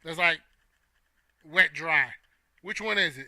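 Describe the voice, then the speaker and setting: A man's voice: fairly high pitch, expressive, measured pace, bright, forceful tone, dry recording. A young man hosting a casual opinion talk, playful and joking with his chat. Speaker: host.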